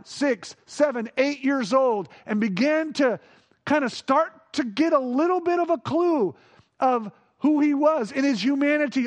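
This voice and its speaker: A man with a strikingly high voice delivers a sermon. He drops into hushed, reverent passages, then lifts into playful, animated emphasis. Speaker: pastor.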